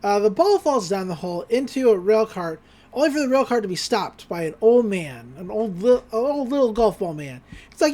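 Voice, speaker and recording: Mellow and mid-range, this podcast co-host talks in a sing-song way. They recap a cartoon episode in easygoing chat and pop into quick character voices as they retell what happened.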